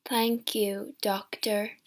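A woman voicing a gentle, shy, deformed young man who speaks in a strange, slow voice. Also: medium pitch, level tone. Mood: gentle, resigned.

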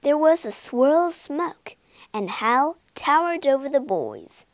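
A woman reads a children's ghost story with a wide, sing-song swing in her voice. She takes her time over each line and turns some of them into a hushed whisper. The sound is close and dry. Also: high voice, slow pace, no echo. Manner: lively, expressive reading, whispering some lines.

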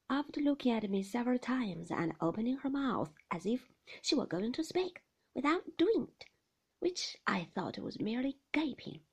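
A woman reading a classic novel aloud in a soft, half-whispered voice. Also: sits high, creaky, breathy edge. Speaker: narrator. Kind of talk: storybook reading.

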